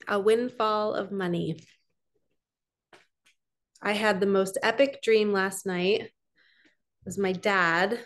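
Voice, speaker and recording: A woman giving a casual oracle card reading, talking earnestly and rambling a little as she speaks straight to her viewers. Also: mid-range voice. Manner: earnest, chatty and rambling, addressing viewers directly. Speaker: spiritual coach doing card readings.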